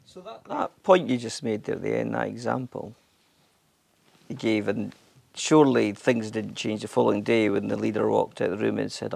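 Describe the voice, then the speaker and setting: A man moderating a panel, asking measured questions, picked up from a distance off the mic. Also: on the low side, gravelly, a little mellow, no room sound. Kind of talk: panel discussion.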